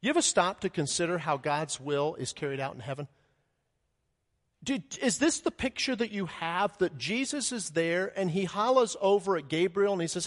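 A man with a fairly high voice preaches a sermon to his congregation. His delivery is animated, and he jumps into loud, high bursts and plays out quick asides. His voice rings with a long reverb, as if he were in a large hall. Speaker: pastor.

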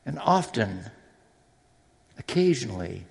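A man's voice: mid-range voice, lively intonation, measured pace, vocal fry, long pauses, a little mellow. A man preaching a sermon in a church, earnest and personal, with readings from scripture. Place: church sanctuary. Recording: long hall reverb.

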